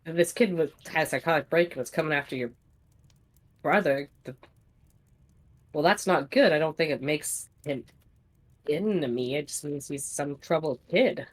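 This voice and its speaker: A woman's voice: sits low, moderate pace, pauses often. A woman playing in a tabletop role-playing game, with a wry, skeptical way of talking. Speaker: player.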